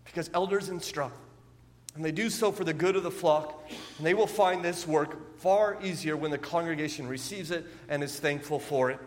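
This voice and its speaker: High-voiced pastor preaching in a reverberant hall. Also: male voice, normal speed. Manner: earnest, repeats phrases, rising to animated emphasis. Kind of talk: sermon. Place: church sanctuary. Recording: long reverb of a church hall.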